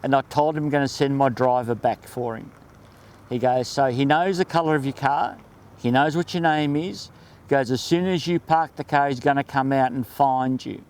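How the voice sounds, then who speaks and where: A man, the regular driver of an event truck, telling stories in a casual, animated way and acting out the voices in them. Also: medium pitch, moderate pace. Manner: animated, acts out voices in anecdotes. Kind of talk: casual storytelling interview.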